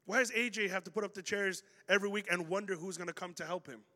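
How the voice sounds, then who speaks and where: Guy pastor preaching, high bright voice, acts out people in his stories, big echoey church hall. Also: fast. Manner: animated storytelling, acting out quoted voices. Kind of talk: sermon. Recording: hall reverb.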